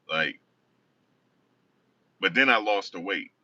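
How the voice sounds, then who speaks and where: A man's voice: fairly low pitch, animated, normal speed, pauses often, sharp tone, slightly rough. A man casually telling a rambling personal story, often correcting himself. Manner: rambling, self-correcting, conversational. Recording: distant dull lo-fi recording.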